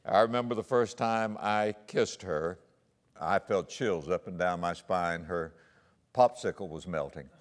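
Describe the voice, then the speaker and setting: A man preaching a sermon to fellow pastors, telling stories with jokes and booming emphasis. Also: measured pace. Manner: animated storyteller with jokes. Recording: long hall reverb.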